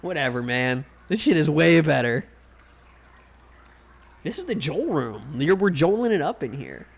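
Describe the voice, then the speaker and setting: A man's voice: on the high side, sing-song, measured pace, vocal fry. A man streaming a video game live, giving casual commentary, joking and swearing as he talks back to the game.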